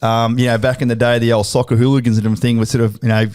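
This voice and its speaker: An Australian man hosts a podcast in a studio, chatting casually in a medium-pitched, fairly flat voice that races along with a smooth, darkish tone. He swears freely and tells stories by acting out quoted exchanges, keeping it to a casual interview chat.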